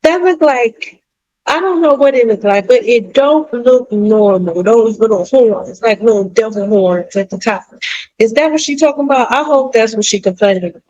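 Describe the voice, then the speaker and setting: A commentator reacts to clips in a casual, wry way, sounding tired and amused. The delivery is relaxed and conversational, in a mid-range voice. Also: medium pitch, moderate pace, dull audio.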